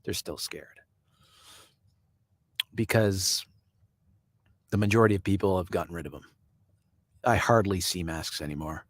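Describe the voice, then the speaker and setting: A man's voice: low-pitched, a little slow, long pauses, no room sound. Chatty man with a dry close voice. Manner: conversational, chuckles often, answers viewers by name. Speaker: live-stream host. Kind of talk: casual live-stream commentary reading viewer comments.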